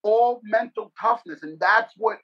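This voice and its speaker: A middle-aged man with a New York accent, from the Bronx, telling rapid, profane, animated stories in a casual interview. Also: high voice. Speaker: guest actor. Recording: dull lo-fi podcast audio.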